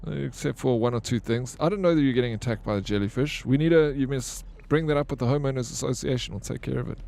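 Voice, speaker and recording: A man's voice: medium pitch, quick pace, creaky, warm tone. A young man streaming a video game, joking and bantering with his chat, swearing freely. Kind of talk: casual live-stream chat while gaming.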